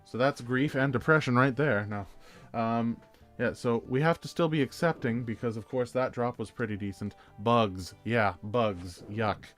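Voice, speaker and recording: A man's voice: medium pitch, unhurried, fairly bright tone, faint music behind. A Canadian man streaming a game, chatting in a jokey, rambling, self-deprecating way. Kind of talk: casual game-stream chat.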